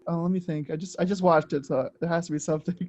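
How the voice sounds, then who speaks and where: A man hosting a casual film podcast, relaxed and chatty. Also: on the high side, fast talker.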